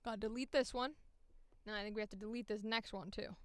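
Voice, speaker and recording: A woman's voice: medium pitch, fairly even intonation, fast talker, a bit bright, clean tone, dry recording. A woman voice actor chatting casually on a livestream, reading casting briefs aloud with playful asides.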